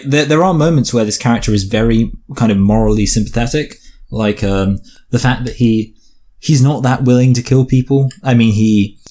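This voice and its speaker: A man's voice: medium pitch, a little mellow. A man co-hosting a casual film review chat, thinking aloud and rambling with many fillers and restarts.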